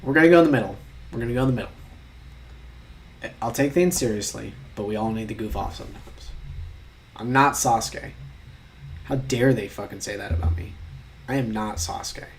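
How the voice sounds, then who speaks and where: A man's voice: mid-range voice, a little fast, long pauses, a little hiss or hum. A young man chatting casually while taking online quizzes, reading questions aloud and rambling in mock-outraged asides, sometimes muttering.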